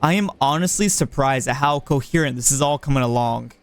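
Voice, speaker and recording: A man's voice: mid-range voice, brisk. A man streaming a park-building game, casually thinking aloud and chatting with viewers in a playful way. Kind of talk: casual livestream chat while building.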